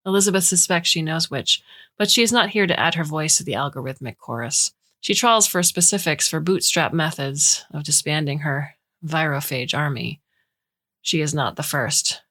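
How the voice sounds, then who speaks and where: Low-voiced woman narrating a story. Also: a bit bright.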